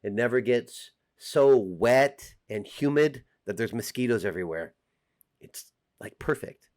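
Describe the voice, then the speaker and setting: A man's voice: mid-range voice, animated, measured pace, a little mellow. A middle-aged man with an American accent, talking casually and jokingly straight to the camera as a vlogger. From United States. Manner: chatty, joking, direct address to viewers.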